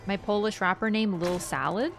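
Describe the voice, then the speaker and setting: A young woman chatting casually with viewers while livestreaming a game, excitable and reacting out loud. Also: medium pitch, normal speed. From Canada. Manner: excitable, reacts aloud to gameplay and chats with viewers. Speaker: streamer. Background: game music.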